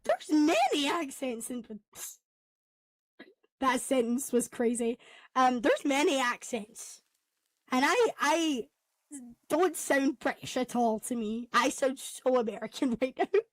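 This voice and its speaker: A woman's voice: high voice, unhurried, no echo. A woman on a call, chatting and giggling while her voice is worn out after a concert. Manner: giggly, self-mocking. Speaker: guest on a call. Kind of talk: casual chat.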